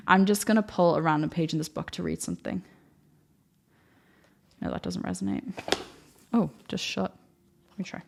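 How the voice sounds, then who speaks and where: A woman's voice: on the low side, moderate pace, creaky, long pauses. Gushing young woman coach, a bit breathless. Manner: gushing, effusive, uses "like" often. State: slightly out of breath, voice tiring. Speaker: manifestation coach. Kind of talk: enthusiastic spiritual pep talk.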